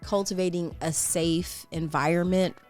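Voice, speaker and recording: A woman's voice: fairly low pitch, steady tone, measured pace, a little mellow, soft background music. Chatty woman podcast co-host, laughing often. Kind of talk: casual chat.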